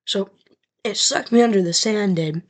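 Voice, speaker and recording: A woman's voice: medium pitch, moderate pace. A young woman vlogger telling a rambling, profane story straight to her camera, full of fillers.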